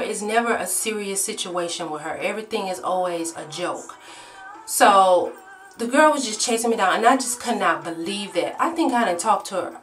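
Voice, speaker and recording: Woman vlogger, lively profane storytelling, sits back from the mic, faint music. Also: medium pitch, far from the mic. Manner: animated, swearing storyteller who acts out shouted quotes. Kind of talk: storytime vlog. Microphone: own camera.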